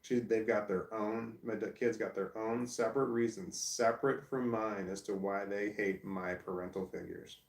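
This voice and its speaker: Profane middle-aged man ranting, gravelly voice. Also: on the low side, steady tone, normal speed, hardly any pauses. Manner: blunt, profane, repetitive. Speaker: vlogger. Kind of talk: angry personal rant. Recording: echoey room, distant from mic.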